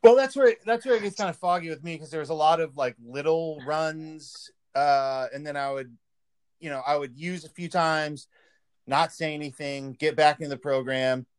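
A man in recovery speaking candidly and haltingly in casual conversation. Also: a little high, smooth, no room sound. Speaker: guest in recovery.

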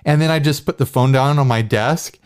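Man telling animated prank-call stories. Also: mid-range voice, fairly quick, clear, resonant tone. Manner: animated storytelling, acts out phone calls. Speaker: podcast co-host. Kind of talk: casual chat.

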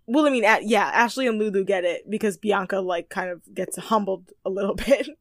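A young woman co-hosting a casual recap chat, animated and playful, laughing often. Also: mid-range voice, brisk, no echo, studio quality. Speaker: podcast co-host.

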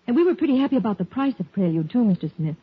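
A woman's voice: a little high, very animated, rapid-fire, slightly rough. A woman performing a scripted radio ad in a chatty, enthusiastic way, on a tinny old radio recording.

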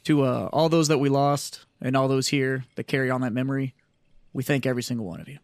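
A man's voice: medium pitch, fairly even intonation, fast talker, no echo. A man hosting a casual podcast, speaking earnestly as he closes the show with a toast. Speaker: podcast host.

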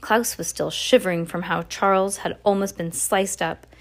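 Woman reading a book out loud, steady, trips over words sometimes. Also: mid-range voice, normal speed. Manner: steady, with small slips and self-corrections. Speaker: reader. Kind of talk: reading a novel aloud.

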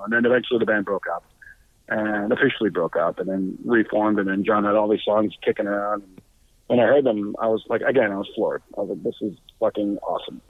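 A man telling rambling band stories in a loose, animated way. He stumbles through restarts, swears freely and jumps up in pitch when he acts out what others said. His voice comes through a thin, phone-like line with no room echo. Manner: halting, many restarts and swearing. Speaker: guest musician. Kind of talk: casual storytelling.

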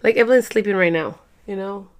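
Young female podcast host, hoarse today, casual and rambling, mid-range voice. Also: medium pitch, brisk. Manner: rambling, chatty, many fillers. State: hoarse, clearing her throat. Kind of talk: casual chat.

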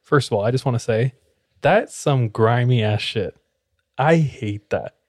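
A man in casual conversation, telling a story with plenty of animation. He acts out the people in it as he goes. His voice sits at a middling pitch, recorded close in a dry room. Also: a little slow, no echo.

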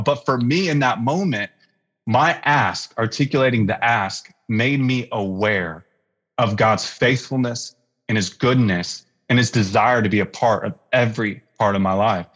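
A man in his thirties, a pastor, telling a personal faith story in a relaxed interview and acting out the lines he quotes. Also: mid-range voice, moderate pace, husky. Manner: animated storyteller with fillers, acts out quoted lines. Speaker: pastor guest. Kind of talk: conversational storytelling in a podcast interview.

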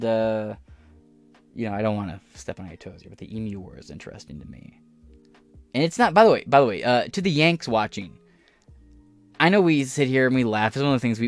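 An American man hosting a podcast, rambling through a casual, profane and sarcastic rant that drifts off topic. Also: fairly low pitch. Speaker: podcast host. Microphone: audio-only podcast mic.

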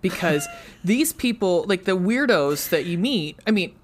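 A woman co-hosting a book club podcast in casual chat, bubbly and quick to laugh. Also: on the low side, slight background noise. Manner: bubbly, laughs often, animated. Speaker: podcast co-host.

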